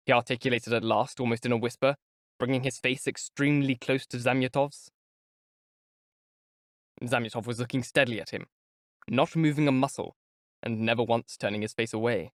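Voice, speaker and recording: Man narrating an audiobook, measured and expressive, close dry mic, mid-pitched voice. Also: dry recording. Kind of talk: scripted narration.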